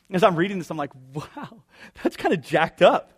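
A man's voice: high voice, sing-song, normal speed, husky. A man preaching a sermon as pastor, conversational and wry, firing off rhetorical questions.

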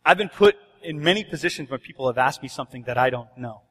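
A man's voice: medium pitch, expressive, quick pace, a bit bright, breathy edge, long reverb tail. A man preaching a sermon as pastor, urgent and conversational, often acting out bits of dialogue. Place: church sanctuary.

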